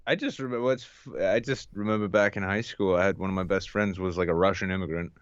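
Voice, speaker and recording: A man's voice: low-pitched, fast, clear, resonant tone, dry recording. A young man co-hosting a podcast, telling rambling stories in casual chat with restarts. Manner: rambling, animated anecdotes with restarts. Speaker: podcast co-host. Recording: dull, lo-fi dry mic.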